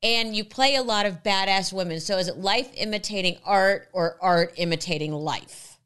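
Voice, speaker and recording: A woman's voice: mid-range voice, normal speed, a bit bright, smooth. A woman hosting a casual interview, gushing and enthusiastic with her guest. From New York. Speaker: interview host.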